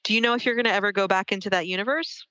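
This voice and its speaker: A woman's voice: medium pitch, rapid-fire, bright, forceful tone, clear, resonant tone, dry recording. Enthusiastic woman interviewer, dry lo-fi sound. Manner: enthusiastic, rambling questions with fillers. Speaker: interviewer, podcast host. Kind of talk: casual interview conversation. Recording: dry, dull lo-fi audio.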